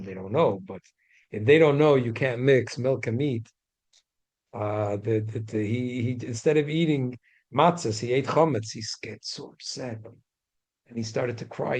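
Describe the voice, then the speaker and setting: A man's voice: mid-range voice, unhurried, a little mellow, slightly rough, poor audio. A man teaching a religious class in a casual storytelling way, chatty, with many restarts and Hebrew and Yiddish terms mixed in.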